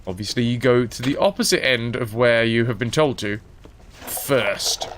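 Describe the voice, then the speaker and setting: A man's voice: mid-range voice, moderate pace, slight background noise. A man giving casual, chatty live-stream commentary on a game he is playing. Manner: chatty, rambling and animated.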